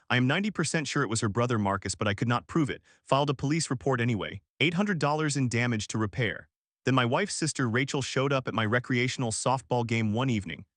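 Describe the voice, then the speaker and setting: A man reading a first-person family drama story aloud in a calm, even narrating voice. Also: medium pitch, dry recording, studio quality.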